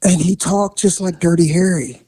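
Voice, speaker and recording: A man's voice: high-pitched, moderate pace. A man hosting a podcast, casually telling a crime story with lots of laughter and cursing. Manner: animated, laughs often, swears freely.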